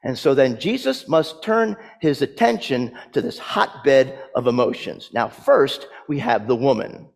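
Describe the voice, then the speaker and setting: A man's voice: mid-range voice, expressive, measured pace, gravelly, few pauses, long reverb tail. A man preaching a sermon, telling the story vividly and dramatically with touches of humor.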